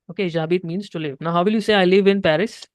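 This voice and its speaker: A man's voice: sits high, smooth, dry recording, studio quality. A young man with an Indian English accent teaching French one-on-one, patiently explaining step by step and slipping into Hindi. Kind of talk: one-on-one language lesson.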